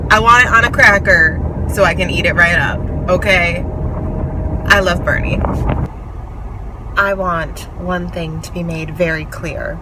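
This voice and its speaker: Young woman rambling slow about books in her car, road hum behind, kinda gushy. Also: mid-range voice. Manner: chatty, gushing, self-mocking. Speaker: book vlogger. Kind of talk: casual vlog chat. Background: car road noise.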